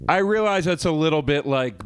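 A man's voice: a little high, fairly quick, clean tone, no echo. Podcast guy ranting about breakfast, voice all over the place, dry room. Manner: animated storytelling, swearing, exasperated. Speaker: podcast co-host. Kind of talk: casual chat.

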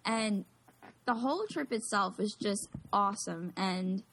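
A woman's voice: medium pitch, measured pace, fairly bright tone, a little hiss or hum. A woman telling a story in casual chat, rambling and peppering her talk with "like". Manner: rambling, heavy use of "like", chatty.

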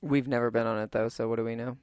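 Young male cohost, smooth resonant voice, dry close mic, wry laid-back recap. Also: mid-range voice, flat delivery, rapid-fire, darkish tone, no room sound. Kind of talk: casual chat reviewing a movie.

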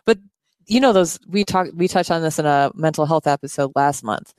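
A woman's voice: low voice, brisk, darkish tone, clear, resonant tone, dry recording. A woman co-hosting a podcast in casual chat, earnest and rambling, often losing words and restarting, recorded indoors at her house. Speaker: podcast co-host.

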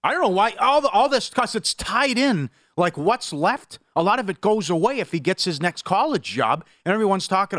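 A middle-aged man hosting a sports betting talk show, his slightly high voice leaping up and down as he spins stories. The sound is dry and close to the mic. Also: normal speed, few pauses, no echo. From Superior, Wisconsin. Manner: animated storyteller, big pitch swings. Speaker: sports betting radio host.

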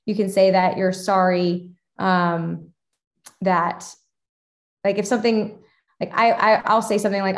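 A woman hosts a casual conversation, sharing her own parenting experiences in a chatty, personal way full of fillers. Her pitch sits in a middle range for a woman. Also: little pitch movement, unhurried. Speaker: podcast host and parent.

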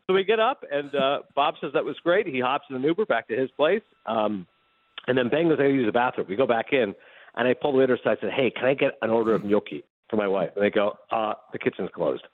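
A man calls in to a radio show and rattles off a story at high speed, acting out each person's lines as he goes. His voice comes through a dry, narrow, phone-like line. He sounds animated and chatty. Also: no echo. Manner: animated, fast anecdote telling with acted-out dialogue. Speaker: radio guest. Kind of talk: casual storytelling chat.

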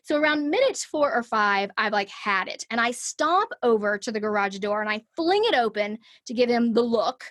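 A woman's voice: fairly high pitch, lively intonation, moderate pace, few pauses, a bit bright, no echo, clean studio sound. A middle-aged woman, a podcast guest, telling a personal story in a conversational interview and acting out her own thoughts.

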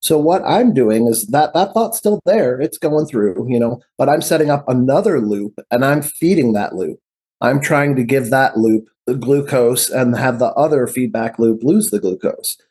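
A man speaking as a physician guest on a podcast. His voice is mellow and a little husky, and he explains earnestly in a conversational way, often ending points with a rhetorical question. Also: mid-range voice, animated, normal speed. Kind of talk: conversational interview.

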